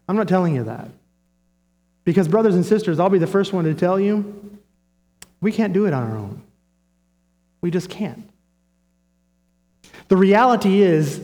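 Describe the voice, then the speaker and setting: High-voiced preacher in a ringing hall. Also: male voice, darkish tone. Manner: emphatic preaching with repetition and rhetorical questions. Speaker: pastor. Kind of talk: sermon. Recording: long reverb of a large hall.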